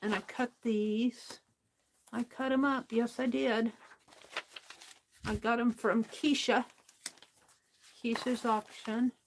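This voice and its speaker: Opening craft mail during a casual vlog, this middle-aged host talks to herself and her audience, laughing frequently. Her voice is a little high and level, her pace slow with frequent pauses, and there's slight background noise.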